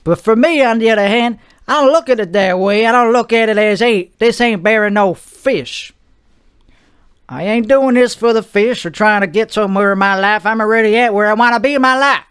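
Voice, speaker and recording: A man hosting his own podcast, rambling through a comic monologue in a slow, drawling put-on voice. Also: high-pitched, a bit bright, clear, resonant tone, no room sound, clean studio sound. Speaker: podcast host.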